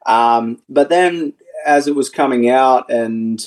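A man's voice: medium pitch, slow, darkish tone. A man in his forties, a former motorcycle racer, chatting easily as a podcast guest over a video call, laughing often. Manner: easygoing, chatty, laughs often, many restarts. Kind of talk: casual podcast chat.

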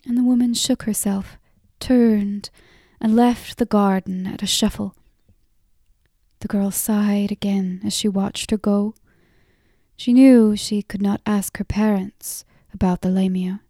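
A woman narrating a fantasy audiobook in a measured, softly drawn-out storytelling voice on a close mic. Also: medium pitch, steady tone, dry recording. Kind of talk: scripted narration.

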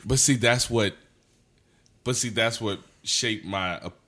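A man's voice: on the low side, slow pace. A tipsy man, a comedian, telling loose, profane stories in a casual podcast chat. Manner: loose, profane storytelling with animated outbursts. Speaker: comedian guest.

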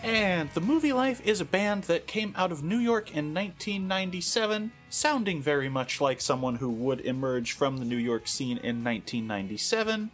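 A podcast co-host in casual chat, telling band history with dry, sarcastic asides. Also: medium pitch. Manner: dry sarcastic asides, laughs at own jokes.

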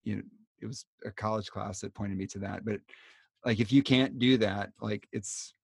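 A man's voice: on the low side, fairly even intonation, normal speed, gravelly, husky, dry recording, clean studio sound. A man hosting a podcast, talking in a rambling, reflective, self-deprecating way. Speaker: podcast host. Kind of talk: casual conversation.

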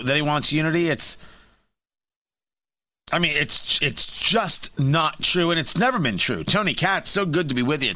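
A man's voice: on the high side, sharp tone, dry recording. A man hosting a talk radio show, giving sarcastic, emphatic opinion and often repeating and restarting his phrases.

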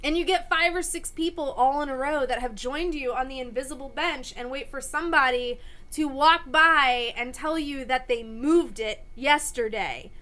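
A woman co-hosting a podcast in casual chat, playful and teasing, quick to laugh. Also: high voice, pushed and bright. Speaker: podcast co-host.

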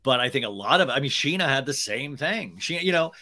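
A man in casual conversation as a podcast guest, spinning rambling, animated stories full of restarts. His voice is bright and forceful at an ordinary middle pitch. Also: fairly quick. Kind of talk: casual chat.

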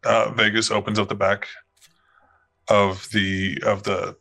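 A man running a tabletop role-play session, describing the scene in a bright, forward voice. He talks loosely and rambles with plenty of fillers as he narrates. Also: lowish voice, flat delivery, slow pace, gravelly. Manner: laughing, loose storytelling with many fillers. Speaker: game master.

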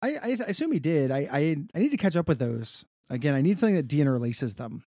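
A man's voice: a little high, big pitch swings, fast talker, warm tone, no echo, clean studio sound. A man co-hosting a casual podcast, recapping a comic book in a chatty way with stammered repeats and casual swearing. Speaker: podcast co-host.

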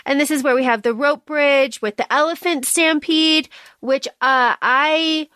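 Chatty woman, fairly high voice. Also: unhurried, no echo. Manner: chatty, animated retelling with fillers. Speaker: podcast co-host. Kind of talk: casual book-club podcast chat.

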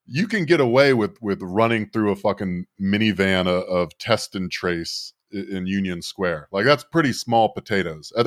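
A low-pitched man talks through the news on a podcast, sardonic and rambling, tripping over his own restarts. The sound is dry and close, with no room around it. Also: dry recording. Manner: sardonic, rambling, frequent self-corrections. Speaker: podcast co-host. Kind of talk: casual political podcast banter.

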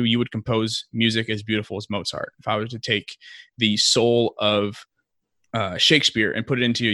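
Young man, podcast co-host, bright forceful voice, dry close sound, chatty with restarts. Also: lowish voice, no echo. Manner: chatty, many likes and restarts, acts out quotes. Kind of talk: casual podcast discussion.

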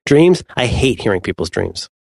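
A man co-hosting a podcast, chatting casually with animated, rambling, playful storytelling. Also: medium pitch, moderate pace, creaky, slightly rough, no room sound. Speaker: podcast co-host. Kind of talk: casual chat.

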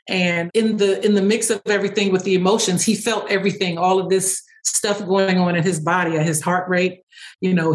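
Animated woman, speech-language pathologist guest. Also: fairly low pitch, low-quality recording. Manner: animated storyteller, laughs often. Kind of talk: conversational interview explanation.

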